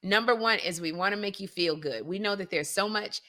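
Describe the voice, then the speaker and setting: A woman co-hosting a podcast, talking in an animated, self-deprecating, storytelling way. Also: mid-range voice, a little fast. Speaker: podcast co-host. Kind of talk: casual chat.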